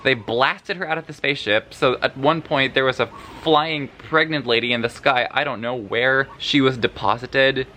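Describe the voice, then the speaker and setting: A man's voice: mid-range voice, slight background noise. A sleep-deprived man chatting casually in a book vlog, rambling and swearing as he reacts to what he reads. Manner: sleepy, profane, rambling and animated. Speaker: book vlogger.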